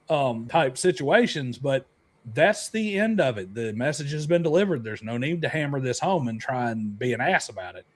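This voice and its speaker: A man's voice: medium pitch, lively intonation, moderate pace. A man hosting a podcast, chatty and opinionated, laughing easily. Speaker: podcast host. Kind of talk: casual podcast chat.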